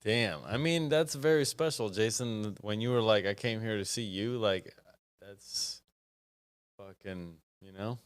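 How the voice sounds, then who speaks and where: A podcast host chatting casually, quick to laugh and swearing casually. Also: male voice, lowish voice, clear, resonant tone. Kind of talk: casual chat.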